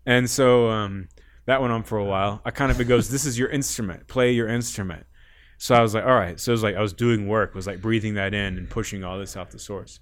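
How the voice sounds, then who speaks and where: A man's voice: fairly low pitch, fairly even intonation, fast talker, clear, resonant tone. A man guest on a podcast, telling a rambling story in casual talk, often laughing and swearing.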